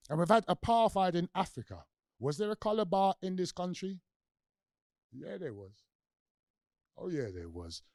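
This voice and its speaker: A middle-aged man with a London accent lectures an audience and tells stories in a lively way, acting out the voices he quotes and asking questions of the room. His voice sits fairly high for a man and has a warm, mellow tone. The sound is dry and close, with little room echo. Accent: London English. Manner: animated storyteller, acts out quoted voices, asks the audience questions. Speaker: guest lecturer. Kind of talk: public lecture with storytelling.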